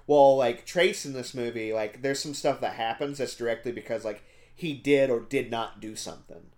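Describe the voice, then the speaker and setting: A man's voice: medium pitch, moderate pace, a little mellow. Rambling man heavy on "like". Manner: rambling, lots of "like" fillers. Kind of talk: casual movie-review chat.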